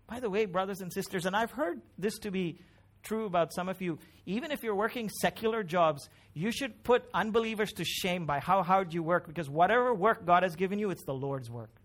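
Middle-aged pastor, man, higher-pitched, chatty yet emphatic preaching. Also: lively intonation, a little fast. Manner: conversational, emphatic preaching with frequent tag questions. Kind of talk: sermon.

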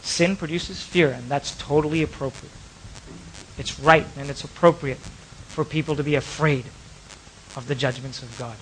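A man preaching a sermon in a church, impassioned, stretching out key words and dropping to soft asides. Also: on the high side, a little hiss or hum, poor audio. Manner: impassioned, drawn-out emphatic words, sudden drops to soft asides. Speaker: pastor.

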